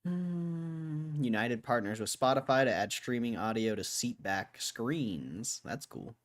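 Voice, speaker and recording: A man's voice: mid-range voice, expressive, slow pace. A young man from Connecticut hosting a livestream, reading headlines and making wry, offhand comments in casual chat. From Connecticut, USA. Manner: laid-back, wry, offhand remarks. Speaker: livestream host.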